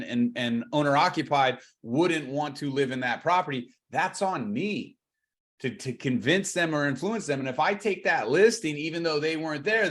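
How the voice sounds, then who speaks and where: Speaking with a fairly high voice, a man leads a real estate agent training session energetically. He tends to restart words and deliberately slows down when emphasizing something.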